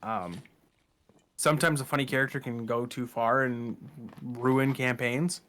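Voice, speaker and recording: A man co-hosting a podcast, talking in a relaxed, chatty way about tabletop games. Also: mid-range voice, a little slow. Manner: relaxed, chatty, with fillers and laughs. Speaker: podcast co-host. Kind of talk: casual chat.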